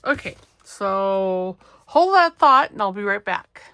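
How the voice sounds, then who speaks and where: With a mid-range, sing-song voice that's fairly bright, she takes things slowly. She's a middle-aged craft channel host whose casual vlog chatter is self-deprecating, full of remarks to herself as she cuts, sews and inks.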